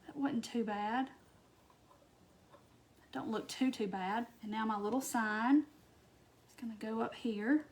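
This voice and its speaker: A woman from Wisconsin hosting a casual live-stream craft tutorial, chatting to viewers, answering their comments and muttering soft asides to herself as she works. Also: on the high side, slow, long pauses, a little hiss or hum.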